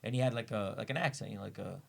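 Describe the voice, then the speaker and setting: A man from the Dominican Republic hosting a casual podcast chat, telling animated stories and acting out quotes. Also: on the low side, very fast, gravelly. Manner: animated storyteller, acts out quotes. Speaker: podcast host. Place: studio with cameras.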